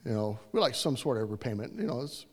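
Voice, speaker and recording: A man's voice: medium pitch, sing-song, quick pace, breathy edge, in a large hall. A man voicing a confident young warrior king who talks in a casual, slangy way. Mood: laid-back.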